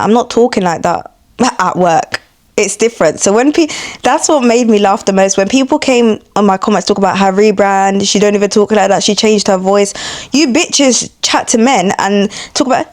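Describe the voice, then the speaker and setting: A young woman from East London with an East London accent, ranting casually to her viewers in a tired, laid-back but blunt and sweary way, now and then mimicking others in a high mocking voice. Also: expressive, moderate pace, a little mellow. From East London, England. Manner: blunt, sweary and confrontational, addressing viewers directly. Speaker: content creator. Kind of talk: casual vlog rant.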